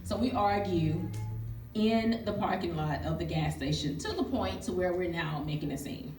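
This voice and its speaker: A woman's voice: fairly low pitch, normal speed, darkish tone, soft background music. A woman, telling a candid, humorous story to a live audience at a book event. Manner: candid, humorous, testifying, calls for audience response. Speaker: author and speaker. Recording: echoey hall, distant mic, audience.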